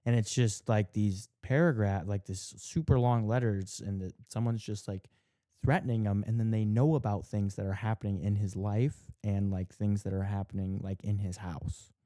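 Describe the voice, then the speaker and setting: A man's voice: on the low side, fairly even intonation, moderate pace, warm tone, no echo, clean studio sound. A man casually retelling a show's plot, swearing a lot, saying "like" often and acting out the characters' lines. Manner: heavy swearing, many "like" fillers, acts out quotes. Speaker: podcast co-host.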